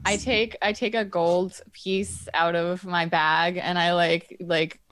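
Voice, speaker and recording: A woman's voice: on the low side, steady tone, slow, a bit bright. A woman playing a tabletop game, eager and describing her actions. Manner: eager, with self-narrated asides. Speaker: player. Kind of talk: tabletop role-play chat.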